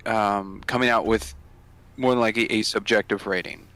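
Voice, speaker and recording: Low-voiced man rambling on a podcast. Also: steady tone, normal speed, fairly bright tone, clear, resonant tone. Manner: rambling, searching for words. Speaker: podcast co-host. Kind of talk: casual podcast chat.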